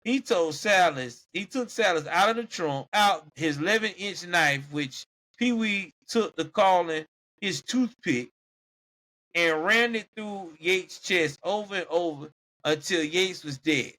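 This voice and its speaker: Bright high-voiced male podcast host. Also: measured pace. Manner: animated, exclaiming and laughing at the story. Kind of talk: casual true-crime storytelling.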